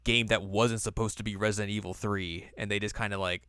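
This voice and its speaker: A man's voice: fairly low pitch, steady tone, a little fast, pushed and bright, smooth, no room sound, studio quality. A man co-hosting a podcast, rambling in casual chat full of "like" fillers. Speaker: podcast co-host.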